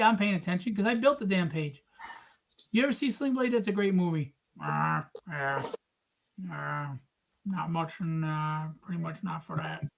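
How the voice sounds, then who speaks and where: A man's voice: sits high, gravelly, fairly bright tone, highs cut off. A man hosting a live drawing stream, chatting casually and rambling through jokes and plugs. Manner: joking, rambling, teasing.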